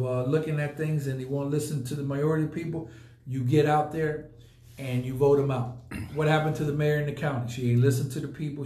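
A man's voice: a little high, warm tone, roomy sound, slight background noise. A man hosting a casual podcast, talking emphatically and repeating points for effect. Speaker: podcast host. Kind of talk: casual live podcast talk.

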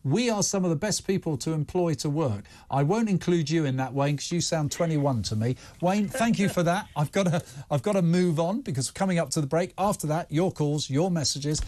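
A man's voice: fairly high pitch, a little fast, a little mellow. A man hosting a talk-radio phone-in with British English speech, chatting candidly and correcting himself as he goes. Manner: conversational, candid, self-correcting. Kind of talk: casual talk-radio chat with callers.

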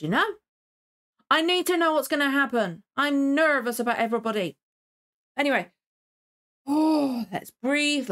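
A young woman hosts a casual show reaction in a slightly high voice. She rambles and repeats herself while thinking aloud, then bursts into excited exclamations. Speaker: YouTube reaction host.

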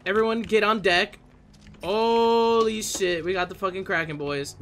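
A man's voice: sits high, moderate pace, a bit bright, slight background noise. A young man streaming a game with friends over a headset, swearing a lot and breaking into panicked shrieks and laughter when scared. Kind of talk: casual gaming chat.

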